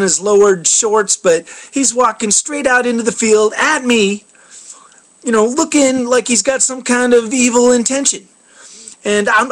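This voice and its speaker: A man's voice: high voice, fairly bright tone. A man telling a story in a casual vlog, rambling with many fillers. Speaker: vlogger.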